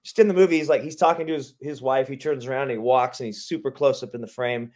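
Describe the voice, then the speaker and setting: A film director enthusiastically recounting filmmaking stories in a casual interview. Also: male voice, medium pitch, steady tone, fast, darkish tone. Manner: enthusiastic, quoting others with laughs.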